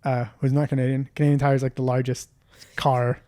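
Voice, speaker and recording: A man's voice: mid-range voice, a little fast. A young man co-hosting a podcast, telling a story in casual chat, acting out quotes with a bit of swearing. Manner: animated, acts out quotes, swears. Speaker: podcast co-host.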